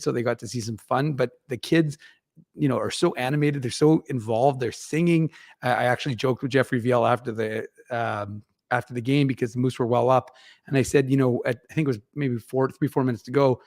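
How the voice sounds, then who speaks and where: Gravelly-voiced chatty man. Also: mid-range voice, a little mellow, no echo, clean studio sound. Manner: rambling, chatty, many fillers and restarts. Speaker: regular podcast contributor reporting on the Moose. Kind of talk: casual hockey podcast chat.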